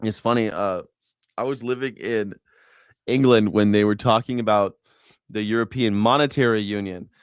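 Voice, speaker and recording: A man's voice: on the low side, normal speed, clean tone, no echo, studio quality. Sarcastic, profane man hosting a livestream. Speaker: host. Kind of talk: livestream news reaction.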